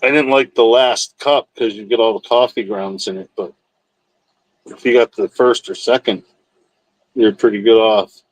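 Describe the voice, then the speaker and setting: A man's voice: on the low side, steady tone, normal speed, long pauses, no room sound, low-quality recording. A man hosting a livestream, chatting casually with viewers in a rambling, profane, laid-back way. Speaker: livestream host. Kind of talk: casual chat with live chat.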